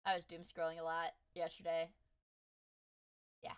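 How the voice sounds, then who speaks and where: A young woman streaming, chatting casually as she reacts to videos, swearing freely and breaking into loud shrieks. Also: fairly low pitch, completely flat delivery, moderate pace, smooth.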